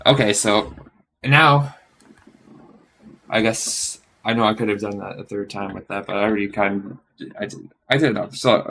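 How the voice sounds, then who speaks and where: Low-voiced man musing while he studies. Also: fairly bright tone. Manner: rambling, self-correcting, reads phrases aloud slowly. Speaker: language learner live streaming his study. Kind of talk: casual thinking aloud while studying.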